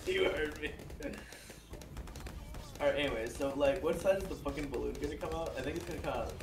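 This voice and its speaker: A man's voice: fairly high pitch, fairly quick, reverberant, distant mic, background noise. A man chatting casually while playing on a live stream, full of profane, joking trash talk.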